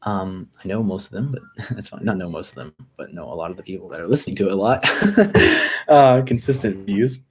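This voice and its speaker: A musician hosting a casual live stream, chatting in an upbeat, rambling way with quick asides. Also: male voice, low-pitched, slightly rough.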